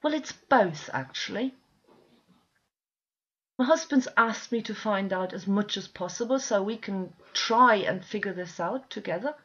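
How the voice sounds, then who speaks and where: A woman's voice: medium pitch, lively intonation, measured pace, fairly bright tone, husky. A woman at home in an impassioned, frustrated monologue to camera, pleading with listeners and swearing often. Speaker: video blogger. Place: at home with dogs nearby. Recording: dull lo-fi recording.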